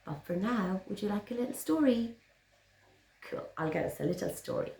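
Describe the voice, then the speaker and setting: A woman teaching young children and reading them a picture book, encouraging and sing-song. Her pitch swoops up and down expressively, and the room gives a clear echo. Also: lively intonation, normal speed, a little mellow. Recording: roomy echo.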